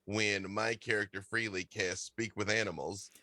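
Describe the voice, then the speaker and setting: A man's voice: lowish voice, steady tone, moderate pace, sharp tone, no echo, clean studio sound. A man guest telling a story in casual chat, with stammering restarts and laughing asides.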